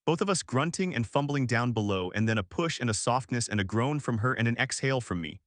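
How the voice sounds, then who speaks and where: A man's voice: mid-range voice, expressive, a little fast, fairly bright tone, no room sound, studio quality. A man narrating a first-person audiobook in a reflective, confessional way.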